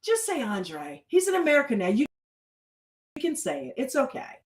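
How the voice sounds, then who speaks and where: A woman's voice: sits high, wildly swooping pitch, moderate pace, reverberant, rough recording. A woman hosting a casual reality TV recap, blunt and chatty, swearing freely. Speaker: reaction show host.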